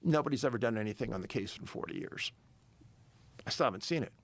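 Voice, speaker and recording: A man's voice: medium pitch, lively intonation, fast, dry recording. A middle-aged man telling a story in a casual interview, emphatic and building tension. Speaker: podcast guest, missing-persons researcher.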